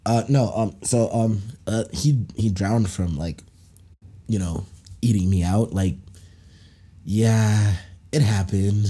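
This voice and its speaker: A man hosting a podcast, reading out listener stories and reacting with animated laughter and playful put-on voices. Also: on the low side, drawn-out words, breathy edge. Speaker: podcast host.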